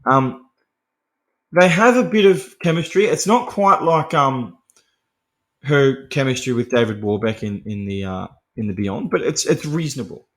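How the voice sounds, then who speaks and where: Swearing, laughing, and wandering off topic, this man casually summarizes a movie on his podcast, his speech full of fillers and restarts. He has a mid-range, expressive voice with a fairly bright tone and talks at an ordinary pace.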